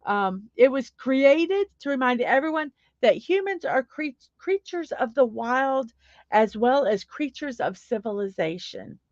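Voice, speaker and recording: A woman's voice: sits high, lively intonation, a little slow, no echo, lo-fi sound. A middle-aged woman hosting a casual home livestream, chatty and upbeat, reading viewers' comments aloud. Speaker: livestream host.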